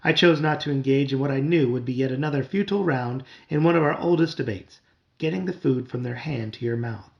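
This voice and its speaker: A man reading a children's novel aloud to his child at home, with wry, expressive storytelling. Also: medium pitch, brisk, vocal fry, highs cut off.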